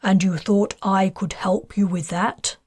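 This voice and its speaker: A man's voice: sits high, fairly even intonation, unhurried, husky, dry recording. A woman voicing a guarded, clipped man. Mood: bargaining. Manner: clipped, firm and controlled. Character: guarded, bargaining upper-class man.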